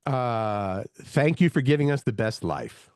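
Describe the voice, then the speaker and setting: A man's voice: medium pitch, very animated, measured pace, a little mellow, clear, resonant tone, no room sound, clean studio sound. A man co-hosting a morning radio show, chatting casually and rambling into jokes.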